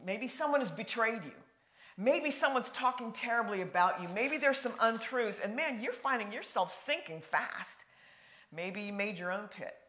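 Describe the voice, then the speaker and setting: A woman preaching a sermon in a folksy, conversational way, swinging from loud emphasis to hushed, near-whispered lines. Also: fairly high pitch, lively intonation, moderate pace, a little hiss or hum.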